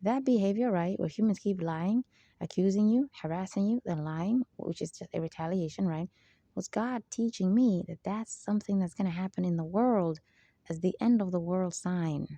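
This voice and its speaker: A channel host speaks at a moderate pace in a fairly low, dark voice, recorded with no echo. Her spiritual monologue rambles emphatically from aside to aside, punctuated often by "there you go."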